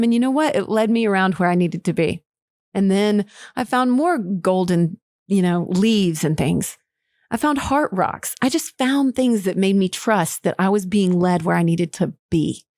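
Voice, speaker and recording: A woman's voice: medium pitch, a little mellow, no room sound, studio quality. A woman hosting her own podcast, telling a personal story in a candid, emotional way, swearing casually and laughing often. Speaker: podcast host.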